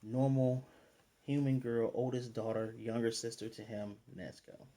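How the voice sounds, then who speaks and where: A man with an ordinary mid-pitched voice reviews an anime episode in a relaxed, chatty way. He retells each scene as he goes and slips in quick paraphrased character lines. His delivery is loose, full of fillers and restarts. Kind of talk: casual episode recap and review.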